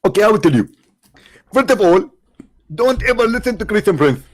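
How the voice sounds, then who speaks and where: A man's voice: high-pitched, very animated, a little fast, voice pushed up. A man putting on the voice of a smug, mocking male preacher who taunts and giggles. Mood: exasperated.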